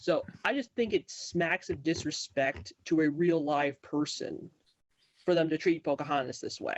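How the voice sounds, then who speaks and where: A man's voice: fairly high pitch, normal speed, no echo, dull audio. A man joining a podcast as a guest, speaking earnestly in short firm statements. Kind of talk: casual chat.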